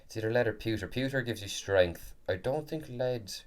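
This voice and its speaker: A man's voice: mid-range voice, normal speed. A man co-hosting a tabletop gaming podcast, talking casually and rambling, often restarting his sentences. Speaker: podcast co-host and game master. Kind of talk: casual chat.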